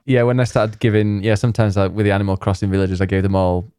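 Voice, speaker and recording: A playful man with a fairly low voice co-hosts a casual gaming podcast and jokes and laughs readily. The recording is dry and close. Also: little pitch movement, fast, mellow, smooth, no echo. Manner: playful, laughs often, jokey.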